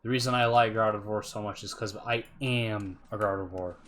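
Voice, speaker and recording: Low-voiced man chatting while gaming. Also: steady tone, moderate pace, fairly bright tone. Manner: chatty, muttering to himself and answering chat. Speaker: game streamer. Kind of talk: casual live gameplay commentary.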